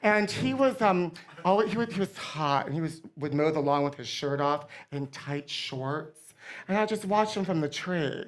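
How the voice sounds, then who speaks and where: A middle-aged man hosting a comedy show, telling campy, gossipy stories to a live audience with deadpan punchlines. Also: on the high side, moderate pace, a little hiss or hum. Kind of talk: comic storytelling to a live audience.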